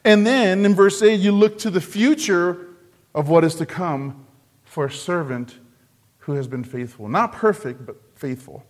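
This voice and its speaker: A man preaching a sermon earnestly, repeating phrases for emphasis and dropping low and soft on key words. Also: measured pace.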